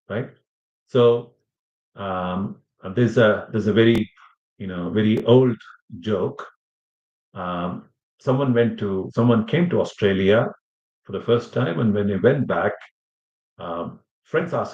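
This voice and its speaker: The language teacher here has a lowish, slightly mellow voice and takes his time, leaving long pauses. He lectures in a rambling way with fillers and restarts, directing questions to his students. The sound is muffled and echoey.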